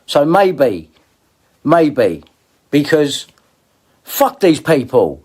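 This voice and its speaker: Angry guy ranting and swearing, fairly high voice, keeps repeating himself. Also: big pitch swings, extremely slow, long pauses, a little mellow, breathy edge. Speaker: video blogger.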